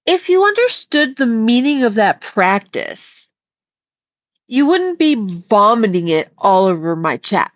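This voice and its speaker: Slow, blunt woman streamer. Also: on the high side, very animated, dry recording. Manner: blunt and scolding, swears freely. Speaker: livestream host reading chat. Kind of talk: casual livestream chat. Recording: slightly dull lo-fi audio.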